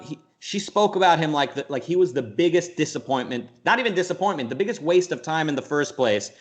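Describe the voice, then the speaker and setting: A man as an interview guest, talking in a rambling, animated way, full of restarts and quick jumps into mock voices. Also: a little high. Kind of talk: casual conversational interview.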